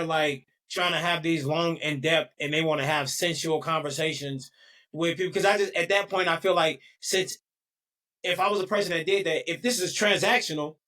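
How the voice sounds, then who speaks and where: A man co-hosting a podcast, chatting casually and animatedly with quick asides. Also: fairly high pitch, pushed and bright. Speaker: podcast co-host. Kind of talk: casual chat.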